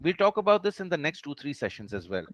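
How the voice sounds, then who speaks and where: A man's voice: fairly high pitch, very animated, fast, no room sound. A man teaching an online class over a video call, who explains each point patiently and keeps checking that his students follow.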